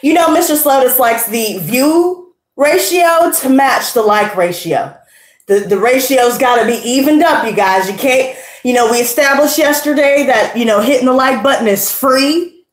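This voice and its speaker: A woman's voice: high-pitched, moderate pace, reverberant. A woman hosting a tarot livestream, chatting casually in a brash, profane, slangy way and out of breath.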